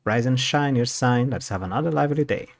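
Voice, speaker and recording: A man putting on a higher, sing-song voice for a mocking bear mascot making a morning announcement in a story game. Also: expressive, a little fast, creaky. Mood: chirpy.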